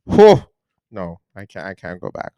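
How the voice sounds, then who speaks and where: A man's voice: low-pitched, a little slow, no room sound, highs cut off. A young man co-hosting a podcast, chatting casually and telling stories with animation. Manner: animated, laughing storyteller. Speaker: podcast co-host. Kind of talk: casual chat.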